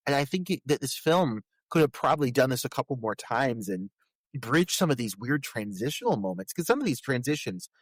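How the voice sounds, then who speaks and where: A man's voice: mid-range voice, dry recording, low-quality recording. A man co-hosting a podcast, talking earnestly and with enthusiasm about a horror film's scenes. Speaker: podcast co-host. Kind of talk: casual film discussion.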